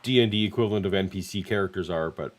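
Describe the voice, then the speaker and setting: Low-voiced, measured middle-aged man. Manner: measured, hesitant, deliberate. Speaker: host. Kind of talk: casual chat.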